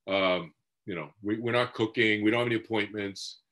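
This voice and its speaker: A man's voice: on the low side, steady tone, a little fast, fairly bright tone. A man giving a talk as a meditation teacher, telling a personal story in a conversational way, full of "you know" asides and restarts. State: moved to tears at points. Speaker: speaker on past-life memories and meditation teacher.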